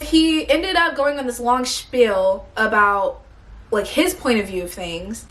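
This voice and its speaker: A woman's voice: fairly high pitch, measured pace. Swearing young woman ranting a story. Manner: blunt, swears a lot, animated retelling. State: tired and hungry. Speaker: vlogger telling a story time. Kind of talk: casual storytime rant.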